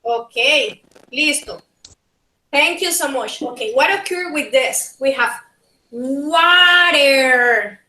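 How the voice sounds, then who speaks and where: Panamanian woman teacher, bright and unhurried, drilling pronunciation in an echoey room. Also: sits high, animated. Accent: Panamanian Spanish. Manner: slow, repeats words to model pronunciation. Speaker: linguistics teacher. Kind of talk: bilingual classroom lecture.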